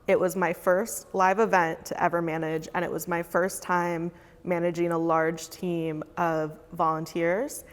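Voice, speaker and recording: A woman's voice: fairly low pitch, a little slow, long reverb tail. A woman, a foundation fellow, chatting casually in a roundtable and acting out her past self as she tells stories. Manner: animated storyteller, acts out her past self.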